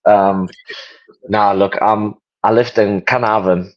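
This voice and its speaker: A German man in his late twenties speaks English with a German accent, relaxed and joking, full of pauses and fillers. His voice sits low, and the video call audio comes through dull and lo-fi. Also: slight background noise. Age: 20s. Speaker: interview guest. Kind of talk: casual interview chat.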